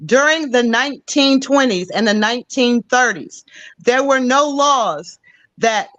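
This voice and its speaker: A woman in a heated debate, insistent and quick to interrupt with corrections. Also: on the high side, lively intonation, a bit bright, no room sound, lo-fi sound.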